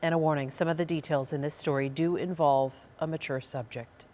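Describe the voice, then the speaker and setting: A woman's voice: deep voice, steady tone, a little fast, mellow, a little hiss or hum. A woman anchoring the news, reading a scripted introduction in a composed, formal way.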